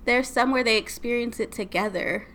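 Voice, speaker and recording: A woman's voice: on the high side, moderate pace, fairly bright tone. A woman co-hosting a podcast, casually retelling eerie stories with lots of "like" and "right?". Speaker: podcast co-host. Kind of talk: casual storytelling chat.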